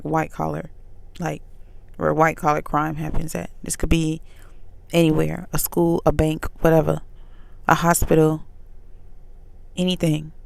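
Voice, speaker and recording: A woman's voice: low voice, creaky, a bit bright, no room sound. A woman vlogger telling a story in a candid, chatty way, with pointed retorts. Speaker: faith vlogger. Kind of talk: casual storytelling monologue.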